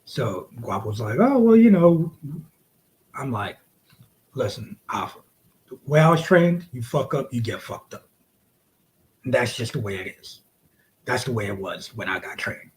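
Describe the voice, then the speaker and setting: A man's voice: fairly low pitch, expressive, normal speed, long pauses. A man who wrestles, telling a story to a podcast host in a casual, profane way. He acts out the quotes and sometimes drops to a whisper.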